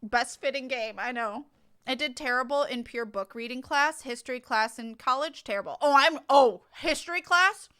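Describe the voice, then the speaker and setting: A woman's voice: high voice, normal speed, sharp tone, clean tone. A young adult woman streaming a game, chatting candidly with her viewers, swearing freely and laughing often. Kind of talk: casual chat with stream viewers while gaming.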